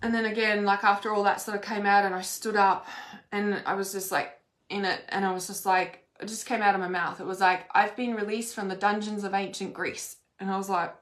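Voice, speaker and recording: A woman of middle pitch recounts a personal experience in loose, rambling speech. She fills her sentences with "like" and swears freely. Her voice carries a roomy echo. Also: flat delivery, fairly quick, fairly bright tone. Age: adult. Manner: rambling, fillers like "like", frequent swearing. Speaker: spiritual vlogger. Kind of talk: casual personal storytelling.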